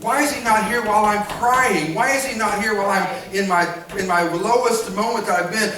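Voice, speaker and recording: A man preaching a sermon as pastor, animated, acting out voices and calling on the congregation to respond. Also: high voice, brisk, far from the mic, crowd noise. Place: church sanctuary. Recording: echoey church hall, miked from afar.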